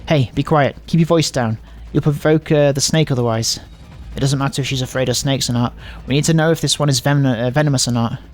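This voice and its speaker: A man's voice: mid-range voice, fairly even intonation, fast talker. A man hosting a let's play of a visual novel, reading the game's dialogue aloud in a casual, rambling, self-mocking way. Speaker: gaming host.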